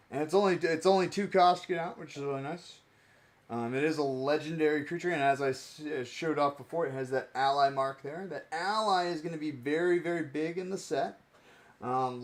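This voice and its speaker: Chatty man with a raised voice. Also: a little high. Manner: rambling and self-joking. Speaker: streamer opening card packs. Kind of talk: casual live-stream chat.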